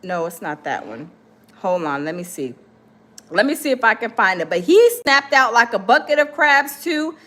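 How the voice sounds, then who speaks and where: Woman, high voice, gossip livestream host, rambling, chatty, lots of fillers. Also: sing-song, normal speed, fairly bright tone. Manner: rambling, chatty, many fillers and hold-ons. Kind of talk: casual livestream chat.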